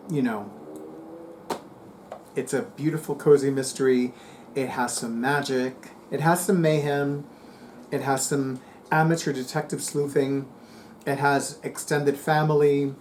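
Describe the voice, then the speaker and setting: A man's voice: mid-range voice, steady tone, measured pace, a little mellow, slight background noise. Chatty man from New Jersey reviewing books. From New Jersey, USA. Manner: chatty, rambling, with many fillers. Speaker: BookTube channel host. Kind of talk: casual book review vlog.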